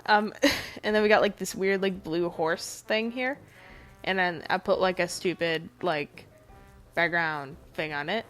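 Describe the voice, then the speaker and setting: A woman with a lowish, stuffed-up voice rambles through a relaxed voice-over about her art, full of swearing and half-finished thoughts. Soft music runs quietly underneath. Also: measured pace. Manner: rambling, loose and swearing a lot. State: congested, nasal. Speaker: artist narrating her drawings. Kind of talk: casual voice-over chat. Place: home recording, voice-over over drawing footage.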